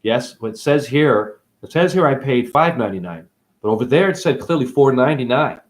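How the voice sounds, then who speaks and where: A man's voice: mid-range voice, animated, a little fast, lightly acted. A man voicing a prim, polite customer who speaks precisely and fussily. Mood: fussy.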